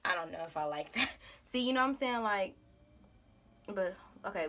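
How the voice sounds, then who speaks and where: Young female beauty vlogger, bright and chatty, prone to dramatic outbursts. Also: medium pitch, animated, normal speed, a little hiss or hum. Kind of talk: casual makeup vlog chat.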